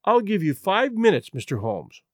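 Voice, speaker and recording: A man's voice: high voice, wildly swooping pitch, moderate pace, no room sound, studio quality, heavily acted. A man reading a story aloud, voicing a desperate young noblewoman who pleads emotionally to save her marriage. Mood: defiant. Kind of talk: audiobook reading.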